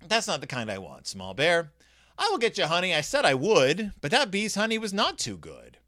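A man's voice: high voice, wildly swooping pitch, moderate pace, bright, forceful tone, dry recording, clean studio sound, heavily acted. A man voicing a proud, stubborn father bear from a storybook.

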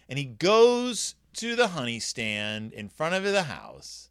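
Animated, jokey man reviewing a storybook. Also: fairly high pitch, takes it slowly, hardly any pauses, clear, resonant tone, no echo, clean studio sound. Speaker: YouTube book reviewer. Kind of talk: casual book review.

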